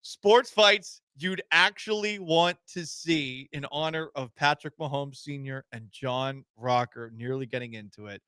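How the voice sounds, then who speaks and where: A man's voice: mid-range voice, measured pace, few pauses, sharp tone, clean tone, dry recording, clean studio sound. A man hosting a sports radio show, chatting casually, often laughing and letting his voice drop to a mumble. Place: radio studio. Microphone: studio mic.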